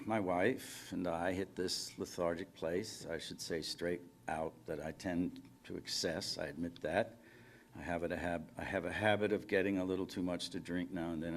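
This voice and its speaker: A man's voice: sits low, fairly even intonation, normal speed, darkish tone, slight background noise. A man reading fiction aloud, voicing a lonely middle-aged man who rambles and apologizes on a phone call. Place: conference reading room.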